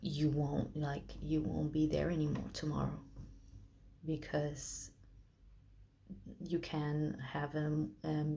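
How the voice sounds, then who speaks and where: Low-pitched young woman telling her story slow, emotional, lots of restarts. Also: monotone, vocal fry, warm tone, slight background noise. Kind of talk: personal storytelling vlog.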